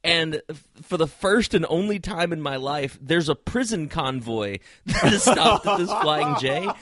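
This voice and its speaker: A man's voice: on the high side, dry recording, clean studio sound. A man co-hosting a casual podcast, telling a long funny story and laughing through it. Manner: animated storyteller, laughs through his stories, yells quoted lines. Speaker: podcast co-host.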